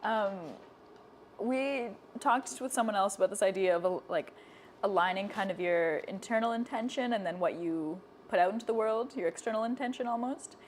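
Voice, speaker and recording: A Canadian woman hosts an interview, asking questions in an encouraging way and laughing along. Her voice sits at a middle pitch. Faint room ambience hums behind her. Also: normal speed, a little hiss or hum. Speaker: interviewer, podcast host. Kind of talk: casual interview chat. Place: hair salon.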